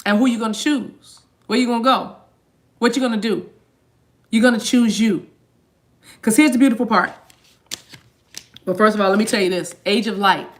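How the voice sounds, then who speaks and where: Brief: woman, higher-pitched, spiritual reader talking to her viewers, animated and repetitive. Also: moderate pace, pauses often. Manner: animated, repetitive, addresses audience as y'all. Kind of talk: live channeled reading to viewers.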